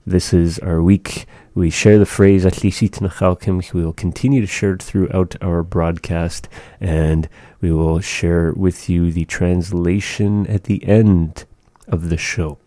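A man hosting a radio language lesson, pronouncing phrases slowly and carefully. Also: low-pitched, fairly even intonation, warm tone, no room sound. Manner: slow, careful pronunciation of phrases. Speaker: radio host teaching a language.

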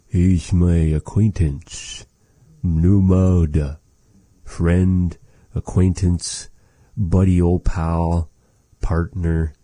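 Man, very low dark voice, unhurried patient teacher repeating words, dry close mic. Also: flat delivery, dry recording. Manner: slow, patient, repeats each word, folksy asides. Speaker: language teacher. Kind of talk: slow vocabulary lesson with repeated words.

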